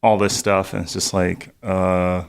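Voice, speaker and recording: A young man with a gravelly, slightly low voice talks into a close studio microphone at a college radio station. He rambles loosely and leans heavily on filler words. He has a cough drop in his mouth the whole time. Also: little pitch movement, measured pace. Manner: rambling, heavy "like" fillers, laughs often. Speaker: musician guest. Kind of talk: casual radio interview.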